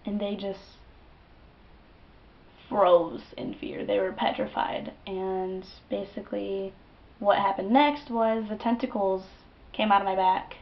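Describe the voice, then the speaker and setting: Young woman, vlogger, casual storytelling, animated, profane, mid-pitched, slightly muffled webcam sound. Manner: animated and profane, with dramatic quoted outbursts.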